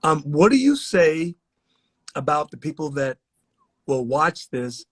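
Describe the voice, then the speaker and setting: A man interviewing an artist in a casual, enthusiastic way, often pausing with fillers. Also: fairly high pitch, very animated, slightly rough, dry recording.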